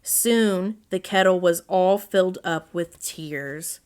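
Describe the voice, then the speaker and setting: A woman reading a children's storybook aloud as narrator, in a gentle read-aloud manner. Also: fairly low pitch, takes it slowly, smooth.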